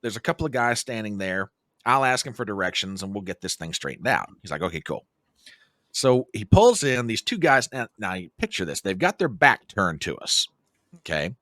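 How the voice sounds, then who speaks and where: A podcast guest, middle-aged and American, talks at a normal speed in a fairly low voice while recounting a long travel story. He brings it to life by acting out the quotes, and the sound is clean studio audio with no echo.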